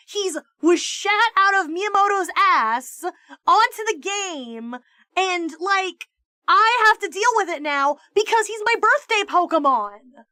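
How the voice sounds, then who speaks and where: Chatting live with her audience, this VTuber launches into animated, profane mock rants, tripping over fast restarts as she goes. The high, bright voice is recorded close and dry, without any room echo.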